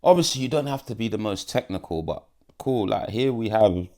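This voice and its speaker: Deep-voiced blunt man vlogging. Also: expressive, a little fast, dark tone. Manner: blunt, profane, repeats himself. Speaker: MMA YouTuber. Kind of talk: casual fight prediction vlog.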